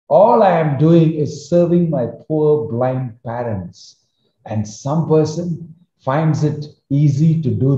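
A man's voice: fairly low pitch, mellow, natural voice. A man voicing a wounded young man who cries out in pain and reproach, then resigns himself. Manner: crying out in reproach. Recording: roomy, slightly dull recording.

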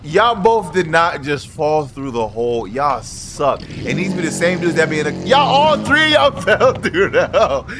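A young man streaming a driving game, talking casually and cursing excitedly at other players. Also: on the high side, moderate pace, few pauses. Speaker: gaming streamer. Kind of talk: casual gameplay commentary. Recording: loud game engine noise behind. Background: car engine and game sounds.

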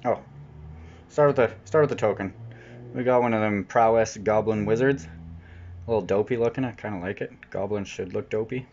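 A man chatting casually while opening trading card packs, jokey, with sudden excited outbursts. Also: fairly low pitch, moderate pace, lo-fi sound, slight background noise. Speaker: channel host unboxing cards. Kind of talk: casual unboxing commentary. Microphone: off-camera voice-over mic.

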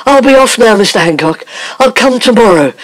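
A man doing a prim, shrill middle-aged lady. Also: expressive, brisk, dry recording, poor audio. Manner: prim and refined. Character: prim, genteel middle-aged woman club director. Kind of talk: comedy radio pastiche.

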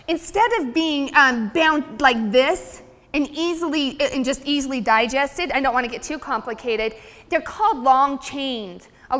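A high-voiced woman lecturing at a seminar, upbeat and chatty with the audience. Her voice rings with a long reverb through the hall. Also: pushed and bright. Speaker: nutrition seminar presenter. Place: seminar room.

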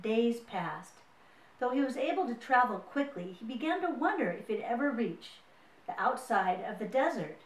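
A woman reads a children's picture book aloud in a rather high voice, stopping for friendly asides to her listeners. She sits some way from the mic in a roomy, echoing space. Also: big pitch swings, moderate pace, far from the mic. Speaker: storyteller. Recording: roomy, mic set away.

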